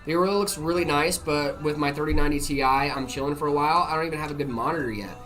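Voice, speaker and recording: A relaxed livestream host chatting with viewers about PC builds, drifting through fillers as the questions are read aloud. The voice sits mid-range, and faint music plays underneath. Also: medium pitch, quick pace. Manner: laid-back, filler-heavy, reads chat aloud. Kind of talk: casual live chat answering viewer questions.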